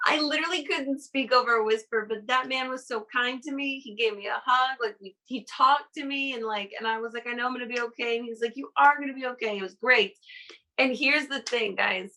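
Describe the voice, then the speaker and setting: A woman's voice: a little high, moderate pace, bright, forceful tone, rough recording. A woman on a casual podcast, telling a personal story in a rambling way, laughing between phrases. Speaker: guest.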